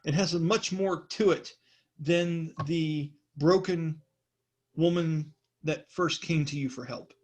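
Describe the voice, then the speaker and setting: Male game master, slightly high voice, rambling, laughs a lot, tabletop game narration. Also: slow. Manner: rambling, laughs often, self-correcting.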